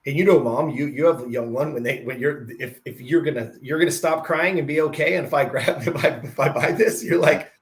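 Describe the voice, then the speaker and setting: A man's voice: medium pitch, fairly quick, few pauses. A middle-aged man hosts a podcast with a mid-range voice. He tells stories in a conversational way, slipping into the voices of the people he quotes. He keeps checking in with his listener by asking "right?". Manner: animated, acts out quoted dialogue, says "right?" often. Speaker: podcast host. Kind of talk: conversational storytelling.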